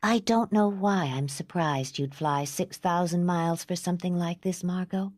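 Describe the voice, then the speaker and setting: A gentle young mother, numb inside, voiced by a female narrator, speaks quietly and evenly in a lowish voice. Every word is measured and composed. The audiobook sound is dry and close. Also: dry recording, lightly acted. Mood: calm.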